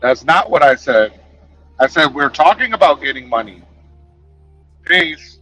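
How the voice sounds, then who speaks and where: High, animated, profane male streamer. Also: a little slow, soft background music, low-quality recording. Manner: profane, confrontational, sarcastic. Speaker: livestreamer answering chat. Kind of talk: casual livestream rant.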